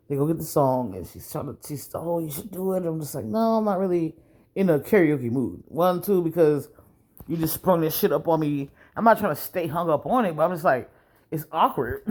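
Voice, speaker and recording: A man vlogger telling a rambling, profane story in a casual monologue, often clearing his throat. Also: on the high side, darkish tone.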